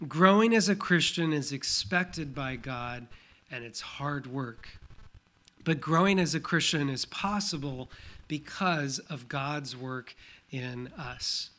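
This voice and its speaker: A middle-aged pastor delivers a slow Sunday sermon, reading scripture aloud with strong emphasis. His fairly high voice is bright and forward. He presses hard on key phrases, then eases back into a tone of explanation.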